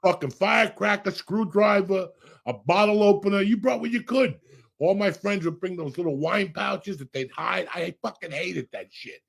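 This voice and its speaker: Man, middle-aged, gravelly husky voice, loud profane storytelling, podcast host. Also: sits high, moderate pace. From Cuba.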